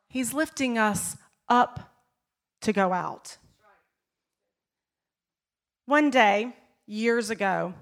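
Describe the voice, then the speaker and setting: A woman's voice: a little high, a bit bright. Fervent woman pastor preaching. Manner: emphatic, repeats key phrases, drops to a near-whisper in personal moments. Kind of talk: sermon. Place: church service.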